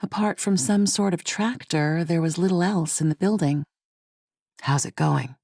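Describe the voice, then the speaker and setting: A woman narrating a thriller audiobook in a measured, even storytelling manner. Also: fairly low pitch, dry recording, clean studio sound. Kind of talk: scripted narration.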